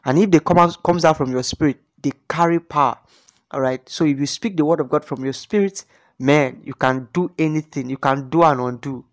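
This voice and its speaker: A man's voice: a little high, a little fast. A man hosting his video channel, talking in a chatty, repetitive way and eagerly urging viewers to like and subscribe. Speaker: channel host. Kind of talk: casual video commentary.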